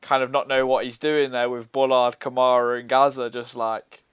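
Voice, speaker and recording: Smooth-voiced young man, dry sound. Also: medium pitch, normal speed, no room sound. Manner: relaxed, chatty, laughs often. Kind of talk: casual chat.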